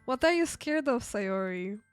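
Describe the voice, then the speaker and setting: A caring, earnest protagonist of a dating game, read aloud by a woman streamer, in an everyday voice. The delivery is slow and steady, slightly high, in a dry close sound with faint music behind. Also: clear, resonant tone, dry recording.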